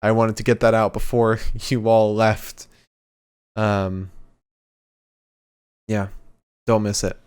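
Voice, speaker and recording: A man's voice: lowish voice, flat delivery, takes it slowly, pauses often, darkish tone, clean tone. A young man co-hosting a wrestling podcast, chatting casually with jokey, laid-back patter. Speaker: podcast co-host. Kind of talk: casual chat.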